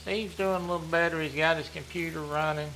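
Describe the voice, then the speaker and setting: A man, chatting casually while playing a hunting game, rambling and often clearing his throat. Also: fairly high pitch, steady tone, a little fast, pushed and bright, a little hiss or hum. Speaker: gaming streamer running a members' community.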